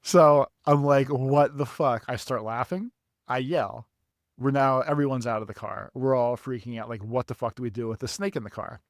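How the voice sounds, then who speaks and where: A young man telling a rambling story on a podcast, animated and quick to swear, often laughing at his own misfortune. His voice sits in a middle register and sounds close and dry, with almost no room around it. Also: medium pitch, no echo. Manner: animated, profane, laughs at himself. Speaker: podcast co-host. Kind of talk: casual storytelling.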